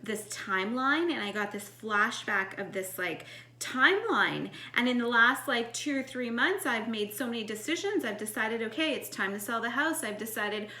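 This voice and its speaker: A woman's voice: on the high side, moderate pace, roomy sound. A woman in her forties telling a personal spiritual story in a casual, earnest way, full of "like" fillers. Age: 40s. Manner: earnest, animated, many "like" fillers. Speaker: spiritual vlogger.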